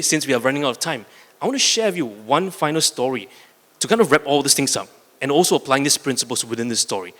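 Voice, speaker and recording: Male keynote speaker, earnest, storytelling, mid-pitched; stage mic in a reverberant conference hall. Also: a bit bright. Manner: earnest, repeats words when restarting.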